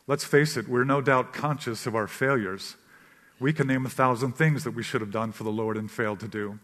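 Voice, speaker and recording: A man giving an earnest, measured sermon as a pastor. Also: medium pitch, fairly bright tone. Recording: long reverb of a large hall.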